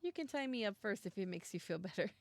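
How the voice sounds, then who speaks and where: A cocky young male mage from a story game, sure of his skill and gently teasing, as a woman reads his lines in her own voice. The voice has a gravelly edge and sounds close and dry, with no room around it. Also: medium pitch, animated, quick pace, dry recording. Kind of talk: reading game dialogue aloud.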